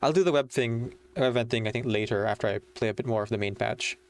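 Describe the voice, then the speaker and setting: A man's voice: medium pitch, fast. A man streaming a game, chatting casually to viewers in a rambling way full of fillers. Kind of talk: casual livestream chat.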